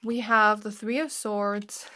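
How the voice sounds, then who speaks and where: Woman tarot reader with a mid-pitched voice, chatty and casual, talking straight to camera. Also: steady tone, takes it slowly, pushed and bright. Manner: chatty, filler-heavy, speaks straight to the viewer. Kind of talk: casual pick-a-card tarot reading.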